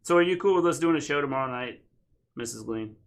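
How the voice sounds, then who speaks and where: A man's voice: medium pitch, animated, quick pace, vocal fry. A man co-hosting a casual wrestling talk stream, joking and reading comments aloud. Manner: joking, rambling, reads chat aloud. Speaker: wrestling podcast co-host. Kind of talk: casual chat on a live stream.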